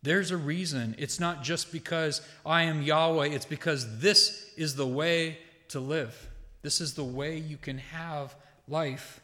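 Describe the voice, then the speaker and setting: Slow-preaching man in a reverberant sanctuary. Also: a little high, sharp tone. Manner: measured, slow delivery with emphatic quoted lines; conversational asides to the congregation. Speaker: pastor. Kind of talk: sermon. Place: church sanctuary. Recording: long hall reverb.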